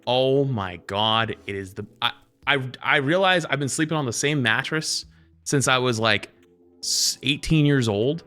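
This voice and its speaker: A man streams live, chatting casually with viewers and telling animated stories while jumping into other people's voices. His mid-range voice keeps a measured pace over soft background music.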